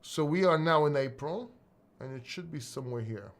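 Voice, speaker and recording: A man from Greece in middle age rambles through a casual solo crypto video. He talks bluntly, curses often and restarts his sentences. His voice sits a bit higher than most men's. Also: expressive, moderate pace. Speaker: crypto YouTuber.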